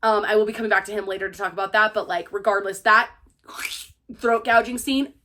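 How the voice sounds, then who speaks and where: A young woman gushing through a casual, spoiler-filled book review, excitable and full of "like". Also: mid-range voice, a little fast, a little hiss or hum. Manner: gushing, excitable, heavy use of "like".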